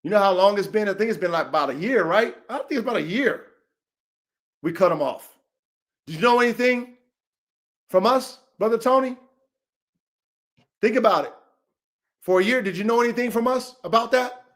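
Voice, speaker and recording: Podcast host, male, high-pitched, profane and confrontational, heated casual rant. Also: moderate pace, long pauses. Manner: profane, confrontational, repetitive, calls out names.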